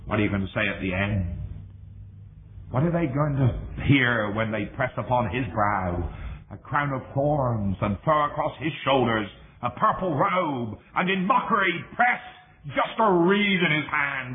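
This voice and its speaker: A man's voice: expressive, normal speed. Dramatic male preacher, tinny echoey recording. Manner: dramatic, swinging between high exclamations and hushed low tones. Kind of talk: sermon. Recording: tinny lo-fi recording in an echoey hall with faint hiss.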